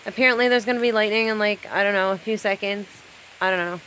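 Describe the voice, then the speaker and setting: A woman in a casual phone vlog, chatting excitedly while she films a rainstorm outdoors. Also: medium pitch, fast, poor audio. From Newfoundland, Canada. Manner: chatty, excitable, rises into baby talk with her dog. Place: outdoors in a rainstorm, sheltering under cover. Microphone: phone held in hand. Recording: phone mic outdoors with light rain noise.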